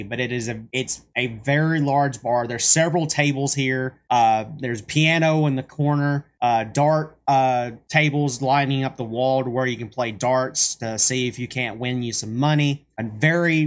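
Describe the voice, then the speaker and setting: Casual, swearing male game master. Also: mid-range voice. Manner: loose and casual, swears, many fillers and restarts. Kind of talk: narrating a tabletop game over a voice call.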